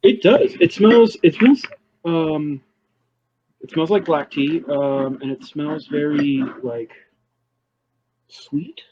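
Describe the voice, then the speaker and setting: Man, slightly high voice, upbeat, teasing, muffled lo-fi audio. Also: slow pace, a little hiss or hum. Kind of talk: casual chat. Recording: dull lo-fi mic.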